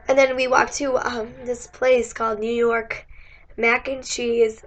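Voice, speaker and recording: A young college woman with a high voice tells a rambling story of her day, full of likes, giggles and acted-out quotes. Her voice is fading, as she is losing it. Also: level tone, a little fast. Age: young adult. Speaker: college student vlogger. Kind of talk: casual storytelling chat. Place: indoors.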